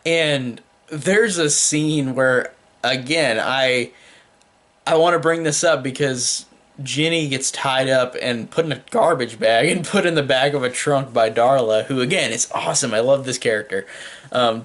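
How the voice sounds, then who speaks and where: A man's voice: mid-range voice, fairly bright tone. A young man giving a casual spoken film review, rambling with many fillers and restarts.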